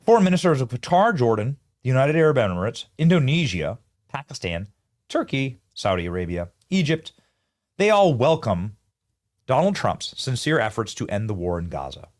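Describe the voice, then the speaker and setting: Animated male political show host. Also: medium pitch, normal speed. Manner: animated, riffing, talks to producers and chat. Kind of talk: live political commentary.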